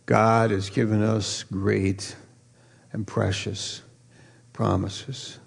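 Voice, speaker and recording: A man's voice: fairly low pitch, little pitch movement, gravelly, breathy edge. A man preaching a sermon as pastor, stretching key words and quizzing his listeners playfully. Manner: drawn-out emphasis on key words.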